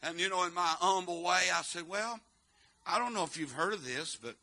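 Male preacher, high bright voice, chanting sermon with amens. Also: normal speed. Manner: chanting, swelling to shouts, answering "amen" after phrases; chatty and joking in quieter stretches. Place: church.

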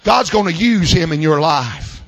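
Pastor, male; high bright voice, dry close sound; folksy sermon with shouted peaks and soft asides. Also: sing-song, unhurried, dry recording. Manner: folksy preaching, swings from loud shouted climaxes to quiet asides. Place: church service.

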